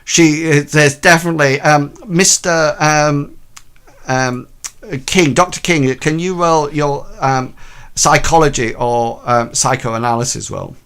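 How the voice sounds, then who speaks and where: A man's voice: a little high, steady tone, a little slow, fairly bright tone, smooth. A man narrating a tabletop role-playing game as game master, in a hesitant way with many ums and restarts.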